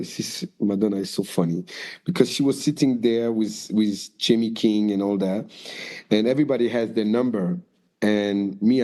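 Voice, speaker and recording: Mellow-voiced man telling lively stories. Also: lowish voice. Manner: lively storyteller, acts out quoted voices, swears freely. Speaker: guest dancer and choreographer. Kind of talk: storytelling interview.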